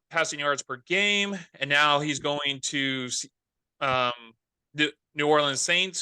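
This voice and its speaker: Bright, crisp-voiced man talking football. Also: mid-range voice, dry recording. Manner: loose, rambling, self-correcting. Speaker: podcast co-host. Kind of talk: casual sports chat.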